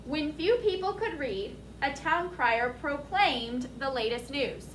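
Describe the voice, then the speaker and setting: Woman teacher, high voice, unhurried vocabulary lesson, echoey classroom. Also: expressive, a bit bright, slight background noise. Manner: slow, deliberate, spells words out letter by letter. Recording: echoey classroom, mic at a distance.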